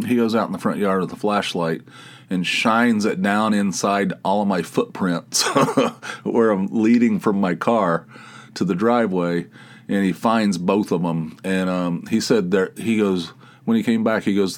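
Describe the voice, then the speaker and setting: Low-voiced man rambling through a story. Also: a little slow. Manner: rambling, with many restarts and chuckles. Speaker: podcast host. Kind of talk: casual solo storytelling.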